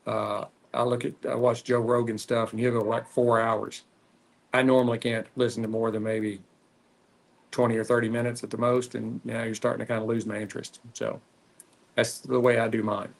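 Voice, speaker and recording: Texan guy with a gravelly voice, laid-back rambling podcast chat, lots of uh's. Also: mid-range voice. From Texas. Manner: rambling, relaxed, frequent "uh" pauses. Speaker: cigar podcast host. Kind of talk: casual solo chat while smoking.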